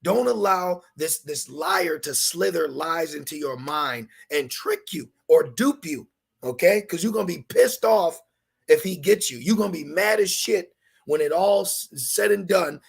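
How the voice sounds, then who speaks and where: A man's voice: fairly high pitch, expressive, a little slow, vocal fry, slightly rough. A man giving an emphatic scripture lesson as a religious teacher, mixing preaching with street slang.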